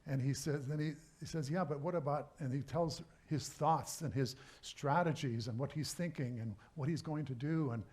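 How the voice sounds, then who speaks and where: A man, a minister, giving a sermon talk in a relaxed, conversational way, pausing often and restarting his sentences. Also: fairly high pitch. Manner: conversational, halting, with many restarts. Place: church service.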